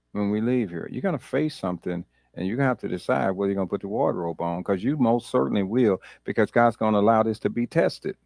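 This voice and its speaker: Man, pastor, Bible study talk, low voice, dry close mic, conversational. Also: vocal fry, darkish tone, dry recording. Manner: conversational, repeats words, laughs easily.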